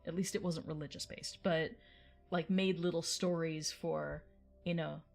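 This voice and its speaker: A woman's voice: low voice, fairly even intonation, measured pace, vocal fry, soft background music. A woman hosting a livestream, chatting casually with viewers in a rambling way and laughing often. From United States. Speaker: livestream host.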